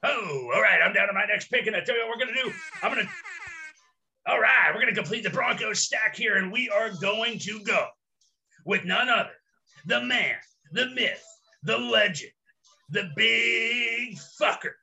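Casual male podcast co-host, high bright voice, hams it up with loud game-show calls. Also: brisk. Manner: loud, hammy announcer bursts. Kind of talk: casual joking banter.

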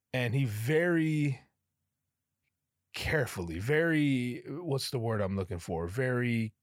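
A man hosting a podcast, with a hoarse, strained throat, telling rambling, sarcastic stories full of swearing. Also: mid-range voice, dry recording, clean studio sound. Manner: profane, rambling, sarcastic storytelling. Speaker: podcast host. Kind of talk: casual comedic monologue.

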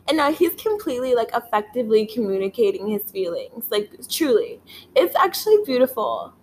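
A woman hosting a casual solo podcast, rambling with lots of filler words, swearing and frequent laughter while she is high. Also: sing-song, a little fast, slight background noise. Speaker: podcast host.

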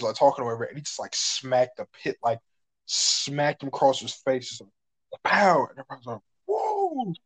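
A man's voice: medium pitch, rough recording. A young man in casual chat, telling rambling, profane stories.

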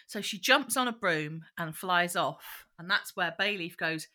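Woman co-host, bright and animated, casual recap talk. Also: lowish voice, a little slow. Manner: animated retelling, bursts into quoted voices. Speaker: podcast co-host. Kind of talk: casual chat recapping a children's show.

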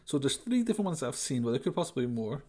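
A man's voice: mid-range voice, big pitch swings, racing, a little mellow. Sarcastic rambling man. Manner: sarcastic, rambling, many fillers. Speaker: podcast host. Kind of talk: comic ranting monologue.

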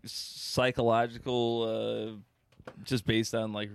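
A man's voice: mid-range voice, level tone, slow pace, gravelly, smooth. Man rambling profanely on a podcast. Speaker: podcast co-host. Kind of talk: casual chat.

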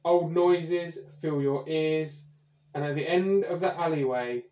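Brief: male game master for a comedy podcast, slow deliberate narration, dull echoey recording. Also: a little high, warm tone.

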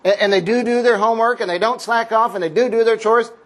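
A man, a father of four, preaching a lively sermon with a playful, joking storytelling manner. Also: very high-pitched, fast talker, background noise. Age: adult parent. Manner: playful, jokey storytelling with laughs. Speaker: pastor. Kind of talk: sermon object lesson.

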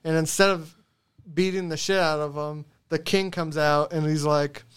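High-voiced man recapping a movie. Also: fairly even intonation, moderate pace, clean tone. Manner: rambling, swears often, laughs while recapping. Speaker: podcast co-host. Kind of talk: casual podcast chat.

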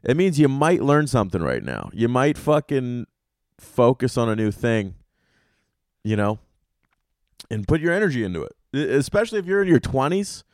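A male podcast host riffs on his own in a loose monologue, full of swearing and restarts. He tells his stories with animated jumps in his voice, at a mid pitch. The recording is dry and close. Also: moderate pace, no echo. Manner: profane, rambling, animated storytelling. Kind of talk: casual monologue.

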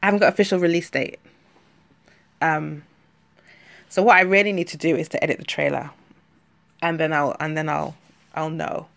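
A woman's voice: low-pitched, fairly even intonation, normal speed, creaky, pauses often, a bit bright. A woman from London with a London accent and a slight lisp, rambling chattily through a solo podcast with many fillers and self-corrections. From London, England. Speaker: podcast host.

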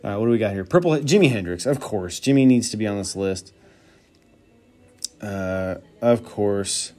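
A man's voice: on the low side, moderate pace, a little mellow. Male solo podcast host; loose, rambling, profane, thinks aloud. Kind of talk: casual solo chat.

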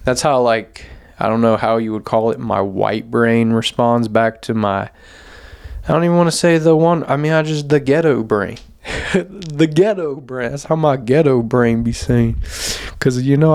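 A man's voice: medium pitch, measured pace, gravelly, darkish tone, clear, resonant tone. A young man hosting a podcast, talking in a loose, rambling monologue full of swearing and fillers. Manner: rambling, profane, heavy on "like" and "man". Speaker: podcast host. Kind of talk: casual monologue.

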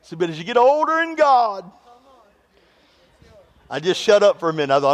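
Man, pastor, high voice, sermon, humorous call-and-response. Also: sing-song, moderate pace, long reverb tail.

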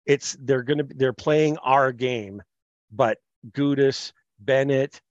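A man hosting a podcast, chatting about sports in a measured way and thinking aloud with fillers. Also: medium pitch, dry recording. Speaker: podcast host. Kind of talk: casual sports chat. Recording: slightly muffled, dry.

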